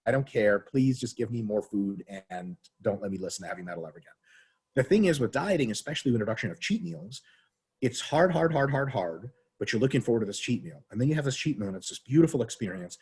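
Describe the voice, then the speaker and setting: Man, husky voice, podcast guest, swears a lot, rambling, acts out quotes. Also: mid-range voice, lively intonation, fast, darkish tone. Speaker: podcast guest, fitness scientist. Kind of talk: casual interview talk.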